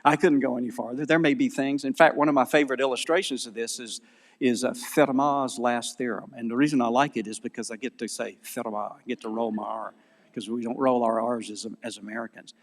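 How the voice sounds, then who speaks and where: A man with a Southern American accent giving an animated, digressive conference lecture, often correcting himself mid-sentence. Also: mid-range voice, fairly quick. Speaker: conference speaker. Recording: long hall reverb.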